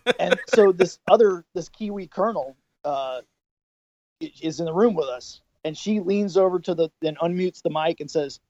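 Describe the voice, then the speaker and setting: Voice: mid-range voice, normal speed, a little mellow. A middle-aged podcast co-host telling rambling anecdotes in casual chat, with plenty of restarts. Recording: dull lo-fi dry sound.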